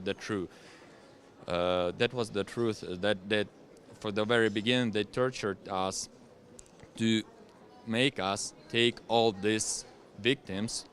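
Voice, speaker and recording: A man speaks English with a Ukrainian accent in a slightly low voice. He answers interview questions haltingly, pausing and restarting often as he searches for words. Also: a bit bright. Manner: halting, hesitant, with many pauses and restarts. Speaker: interview guest, soldier. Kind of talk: conversational interview.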